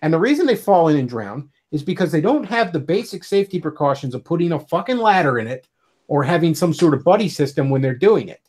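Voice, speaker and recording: American guy ranting on a livestream, swears a lot, sarcastic, voice a bit higher. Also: big pitch swings, fast, darkish tone. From United States. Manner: profane, heated, sarcastic. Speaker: livestream host. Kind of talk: ranting casual monologue.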